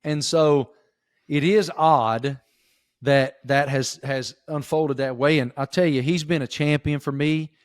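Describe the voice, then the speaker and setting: A middle-aged man from Appalachian Virginia with a Southern accent, telling stories in a folksy, animated way as a podcast guest. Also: on the high side, unhurried, no room sound, studio quality. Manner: folksy, animated storytelling with emphatic bursts. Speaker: sports reporter guest. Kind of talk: casual podcast interview.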